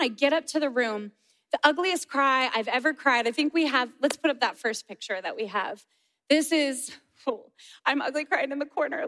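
A woman in her forties preaching a sermon and telling a family story in an animated way, laughing often. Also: high voice, moderate pace. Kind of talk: sermon testimony.

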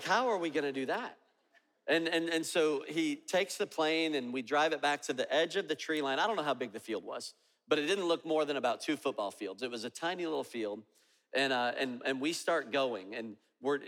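Animated male pastor in a reverberant hall. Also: fairly high pitch, normal speed. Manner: animated storyteller acting out dialogue. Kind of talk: sermon storytelling. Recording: long reverb of a large hall.

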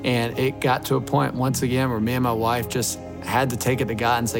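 A man in his thirties tells an earnest personal testimony in a gravelly, creaky voice. He speaks with open emotion about faith and family. A clear music bed runs underneath. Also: mid-range voice, level tone, brisk, few pauses. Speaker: former college baseball coach.

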